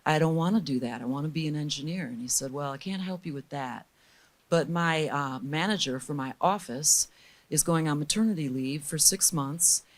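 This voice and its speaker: Low-voiced woman telling candid stories. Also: moderate pace. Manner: lively, candid storytelling, voicing the people she quotes. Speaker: guest recording engineer. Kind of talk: storytelling in a casual interview.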